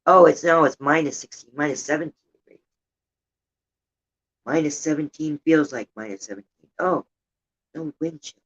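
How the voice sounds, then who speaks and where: A woman's voice: deep voice, moderate pace, pauses often. Chatty older woman, dull lo-fi audio. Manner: chatty, rambling, indignant about politics. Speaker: livestream host. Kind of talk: casual chat with viewers. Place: home room with a heater running.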